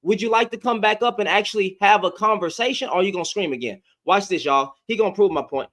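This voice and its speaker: A man's voice: high voice, fast talker, fairly bright tone. A man hosting a live audio debate, arguing heatedly and repeating his phrases over and over. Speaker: host.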